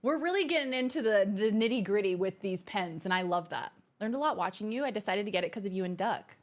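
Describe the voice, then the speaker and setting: A woman hosting a livestream from her home streaming room, chatting casually and reading out viewer messages in a bubbly, gushing way that is quick to exclaim. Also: medium pitch, expressive. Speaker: livestream host.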